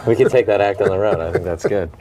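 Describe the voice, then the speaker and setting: A man's voice: low voice, quick pace, a crowd in the background. A man in his thirties in a casual chat, easygoing and amused, who reads jokes aloud. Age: 30s.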